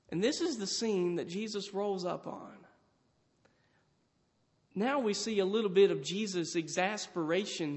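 A man preaching a sermon, retelling a story dramatically and acting out the voices of its characters. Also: high-pitched. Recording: hall reverb.

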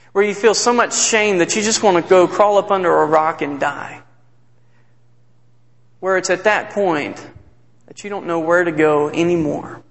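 Male preacher, higher voice, emphatic sermon storytelling, long room reverb. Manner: earnest, emphatic storytelling, drops low and soft at sad moments.

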